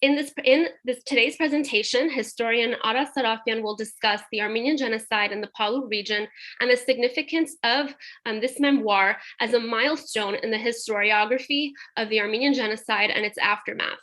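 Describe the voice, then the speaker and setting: Higher-voiced woman moderating a webinar. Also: brisk, a bit bright. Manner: reads an introduction, some fillers. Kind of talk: webinar introduction.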